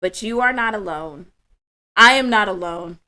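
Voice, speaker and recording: A woman's voice: mid-range voice, animated. A woman hosting a spiritual livestream, chatting with viewers in an emotional, affirming way. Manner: warm, emotional, affirming, slow and soft-spoken. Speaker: livestream host.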